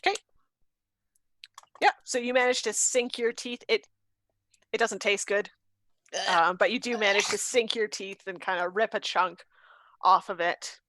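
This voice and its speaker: A woman running a tabletop game, narrating combat in an easygoing, loose way. Her voice sits at a middle pitch and is recorded close and dry. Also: unhurried, long pauses, fairly bright tone, no room sound. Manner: easygoing, describes action loosely with fillers. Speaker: game master.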